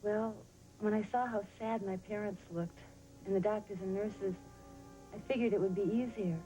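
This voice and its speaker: A woman's voice: mid-range voice, steady tone, moderate pace, warm tone, faint music behind, close to an everyday voice, poor audio. An actress playing a young woman patient who speaks bluntly and candidly. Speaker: actor. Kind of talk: sitcom drama acting.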